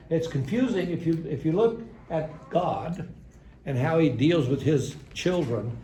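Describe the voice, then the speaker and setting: Older man, gravelly, echoey hall. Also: a little high, mellow. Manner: conversational, dry ironic humor. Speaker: seminar speaker, psychologist. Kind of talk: church parenting seminar talk. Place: church hall. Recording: echoey hall with faint room noise.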